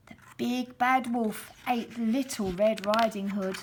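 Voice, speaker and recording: A woman gently reading a children's storybook aloud, slow and expressive. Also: fairly high pitch.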